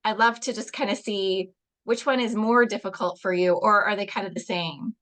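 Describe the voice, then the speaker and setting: A woman's voice: mid-range voice, fairly even intonation, moderate pace, a bit bright. A woman coach hosting an online workshop over a video call, encouraging and reading out audience replies. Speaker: confidence coach, session host.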